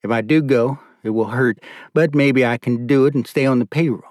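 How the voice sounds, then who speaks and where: A man voicing an aging, tired lawman, speaking low and quietly. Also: brisk, no echo, clean studio sound, natural voice. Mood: weary. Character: aging, weary old lawman with a drawl.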